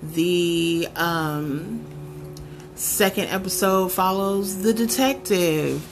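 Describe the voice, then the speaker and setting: A woman hosting a podcast, reviewing a show in a sassy, sarcastic, chatty way with lively asides. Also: on the low side, drawn-out words, faint music behind. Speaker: podcast host.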